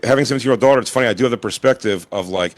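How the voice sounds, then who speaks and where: A man's voice: mid-range voice, rapid-fire, no room sound. A man in his forties, co-hosting a comedy podcast with crude, laid-back banter. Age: 40s. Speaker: podcast co-host. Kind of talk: casual comedy podcast chat.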